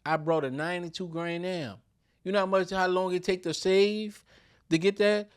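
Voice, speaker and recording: A man talks in a relaxed podcast conversation, his voice a little higher than most men's. He builds his points through personal stories and hits the key words hard. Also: moderate pace, clean tone. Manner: storytelling, emphatic, Southern vernacular. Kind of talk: casual conversation.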